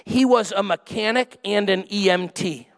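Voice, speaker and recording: High-voiced preacher telling stories. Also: male voice, normal speed. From went to college in New England. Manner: storytelling preacher, punchy and conversational with asides to the crowd. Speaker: pastor. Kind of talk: sermon.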